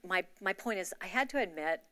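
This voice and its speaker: A woman's voice: lowish voice, lively intonation, fairly quick, bright, forceful tone, clear, resonant tone, dry recording. A woman giving a candid, confessional personal testimony to her church in a conversational way. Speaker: church member sharing a testimony. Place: church gathering.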